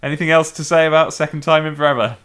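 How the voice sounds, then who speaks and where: Ein Mann mit britischem Akzent, der als Co-Host locker über einen Film plaudert. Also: male voice, a little high, very fast, smooth. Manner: animated, jumps into shouted mock quotes. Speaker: podcast co-host. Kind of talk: casual film discussion.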